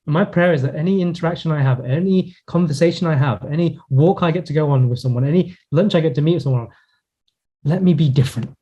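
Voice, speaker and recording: A male pastor delivers a sermon in an earnest, reflective manner, stretching out key words for emphasis. His voice sits a little high for a man yet sounds mellow and warm. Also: husky, dull audio. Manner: earnest, reflective preaching with pauses and slowed emphasis. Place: church in Hong Kong.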